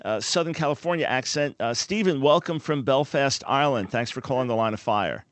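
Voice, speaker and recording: A man with a New York accent hosting a radio talk show, energetic as he introduces callers and plugs websites. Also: medium pitch, brisk, no echo.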